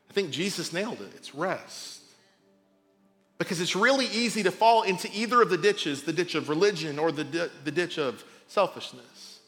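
A man preaching a sermon as pastor, talking informally and swinging between loud emphasis and quiet drops. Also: high-pitched, animated, normal speed, in a large hall, faint music behind. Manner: conversational, informal asides.

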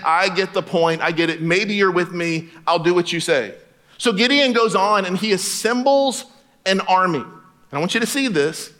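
A man with a high, bright voice preaching a sermon. He is animated and joking, and he slips into casual voices for the characters. The tone stays sharp and forward throughout. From Florida. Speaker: pastor.

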